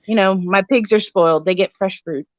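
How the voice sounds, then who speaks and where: A woman co-hosting a true crime podcast in casual chat, an animated storyteller who acts out voices. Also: mid-range voice, normal speed, dry recording, lo-fi sound. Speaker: podcast co-host.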